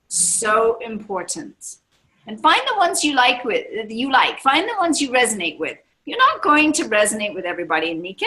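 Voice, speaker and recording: Woman, 60s, business leader at a live seminar. Bright, slightly high voice. Enthusiastic and emphatic, repeats key lines. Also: rough recording. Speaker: network marketing leader. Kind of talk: motivational seminar talk. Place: seminar room with a live audience.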